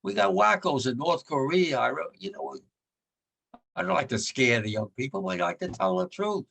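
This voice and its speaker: A man's voice: sits high, lively intonation, moderate pace, gravelly, a bit bright, a little hiss or hum. A man in his nineties giving a blunt remembrance talk as a war veteran, repeating his points with rising force. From United States. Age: 90s.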